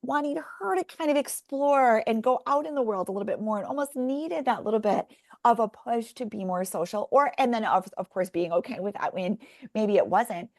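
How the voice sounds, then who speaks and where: A middle-aged woman guest on a parenting podcast, telling animated stories from her own family in a conversational interview. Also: fairly high pitch, moderate pace, no room sound, clean studio sound. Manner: animated storyteller, talks through examples.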